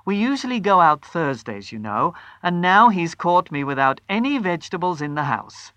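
Reader doing a chirpy housewife in a storybook, bright forced cheer, dry close sound. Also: mid-range voice, big pitch swings, moderate pace, no echo, pitched above the performer's own voice. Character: anxious housewife, outwardly cheerful, adult woman.

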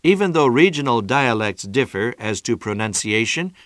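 A man reading a linguistics lesson aloud as scripted narration, in a measured, even manner. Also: medium pitch, no room sound.

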